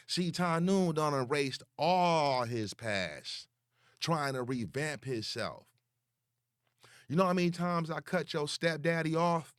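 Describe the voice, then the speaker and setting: A young man, ranting slowly and profanely as he calls someone out online, repeating words for emphasis. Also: a little high, lively intonation, a bit bright, smooth, dry recording, clean studio sound. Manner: slow, taunting and profane. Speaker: online commentator. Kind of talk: confrontational call-out rant.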